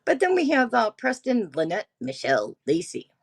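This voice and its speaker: A woman streamer chatting casually with her viewers, animated and drawn-out, reading documents aloud. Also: fairly high pitch, creaky. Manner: animated, drawn-out, talks to chat. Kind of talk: casual livestream chat.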